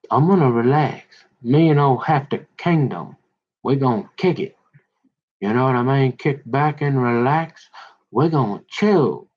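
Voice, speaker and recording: A man telling a rambling comic monologue in a folksy drawl, slipping into quoted voices. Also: medium pitch. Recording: dull lo-fi recording.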